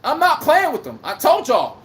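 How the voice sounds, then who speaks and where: A woman's voice: high voice, wildly swooping pitch, moderate pace, echoey room. A woman hosting a casual sports livestream, ranting, trash-talking and reading out chat comments. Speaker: livestream host.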